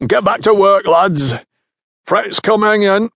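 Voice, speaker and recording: A man voicing a broad, gruff middle-aged harvest foreman who barks orders at his workers. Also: high-pitched, slow pace, fairly bright tone, no echo, clean studio sound, pitched above the performer's own voice, full character voice. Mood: commanding.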